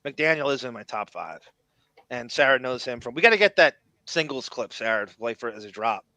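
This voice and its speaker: A man's voice: mid-range voice, sing-song, fairly quick, pushed and bright, dry recording. A man hosting a podcast, talking in an enthusiastic, rambling way with frequent restarts. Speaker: podcast host. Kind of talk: casual chat.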